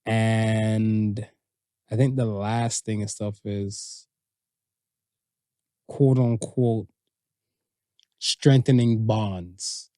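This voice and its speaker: A man's voice: drawn-out words, pauses often, no room sound. A man co-hosting a podcast in casual chat, telling stories and doing quoted voices, in a dry room. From Jamaican family background. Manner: animated storyteller, acts out quotes in high voices. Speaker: podcast co-host.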